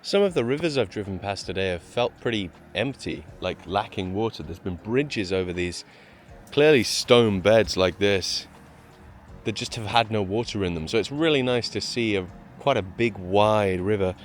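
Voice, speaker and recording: A travel vlogger with a voice on the low side speaks at normal speed in an animated way, with slight background noise. Climbing a hillside trail and road toward a shrine, he chats to his camera outdoors, out of breath and joking at his own expense.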